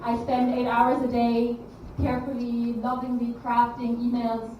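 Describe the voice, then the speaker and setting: Chatty high-voiced woman doing stand-up. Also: monotone, measured pace, warm tone, recorded from a distance, slight background noise. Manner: chatty, self-deprecating, many ums and restarts. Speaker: stand-up comedy student. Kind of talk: stand-up comedy set. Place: comedy club stage, live audience. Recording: echoey room, mic heard from afar, crowd.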